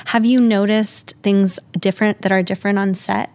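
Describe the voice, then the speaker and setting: A woman interviewer poses a thoughtful question. She phrases it carefully and at a measured pace. Her pitch sits in the middle for a woman. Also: fairly even intonation, a little mellow.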